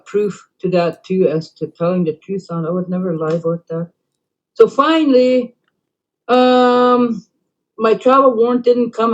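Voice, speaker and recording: Middle-aged woman rambling thru a long story, lots of ums, mid pitch, muffled lo-fi sound. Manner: rambling, many fillers, mutters asides quietly. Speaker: band councillor. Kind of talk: casual storytelling. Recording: dull lo-fi recording.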